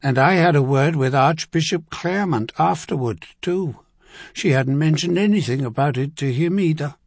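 Casting: man doing an older duke, calm and measured. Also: a little high, no echo, clean studio sound, pitched above the performer's own voice.

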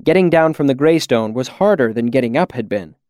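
A man reads a first-person novel aloud in a calm, measured way. His voice sits at a middle pitch and is recorded dry and close, with no room sound at all. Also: dry recording. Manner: measured, even storytelling. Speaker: audiobook narrator. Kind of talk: scripted narration.

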